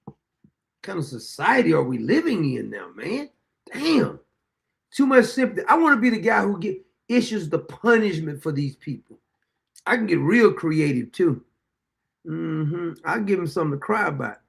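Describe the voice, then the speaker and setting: Creaky and a little slow, this man's high-leaning voice swings widely in pitch. As a show host, he watches a courtroom video and reacts with blunt, profane indignation, rambling and restarting.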